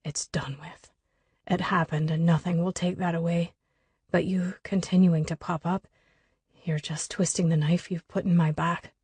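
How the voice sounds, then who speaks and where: Woman narrator putting on a clipped, seething man who keeps his voice down; deeper than her own, dry close read. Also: little pitch movement, moderate pace, darkish tone, husky, dry recording. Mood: hushed, harsh. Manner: low, harsh, clipped, often under his breath. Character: angry young man, harsh and guarded. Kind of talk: audiobook character voicing.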